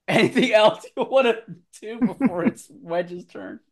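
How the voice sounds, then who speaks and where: A man running a tabletop game as game master, swearing and laughing often, with loud outbursts. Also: high-pitched, lively intonation, measured pace.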